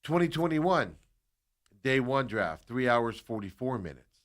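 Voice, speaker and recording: A man co-hosting sports talk radio, telling stories in an excitable, animated way. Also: mid-range voice, a little slow.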